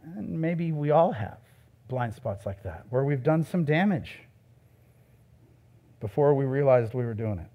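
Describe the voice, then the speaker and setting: A middle-aged male pastor preaching a sermon in a conversational way, with loud emphatic peaks and soft asides. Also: medium pitch, animated, unhurried, long pauses, phone-quality sound.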